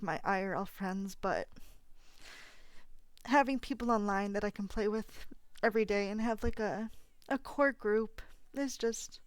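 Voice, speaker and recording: A woman's voice: medium pitch, no room sound. A young woman streamer chatting casually and emotionally to her viewers, gushing with lots of fillers and restarts, teary and close to crying. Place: home apartment.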